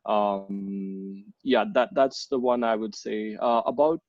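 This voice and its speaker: A man's voice: lowish voice, takes it slowly, darkish tone, no echo. A young man from India answers questions in a casual interview, his talk full of ums and restarts. The sound is dull and lo-fi, dry with no room around it. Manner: hesitant, many ums and restarts. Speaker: podcast guest.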